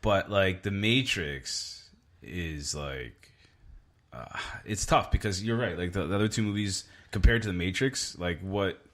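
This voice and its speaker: A man's voice: sits low, a little slow. A man co-hosting a podcast, chatting casually with a loose, filler-heavy way of talking. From Canada. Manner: relaxed, lots of "like" fillers. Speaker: podcast co-host. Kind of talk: casual chat.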